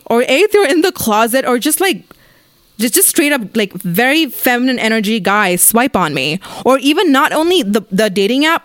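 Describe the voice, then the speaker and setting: A woman's voice: a little high, no room sound, studio quality. Blunt, rambling young woman vlogger. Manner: blunt, rambling, profane, many fillers. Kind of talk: casual story time.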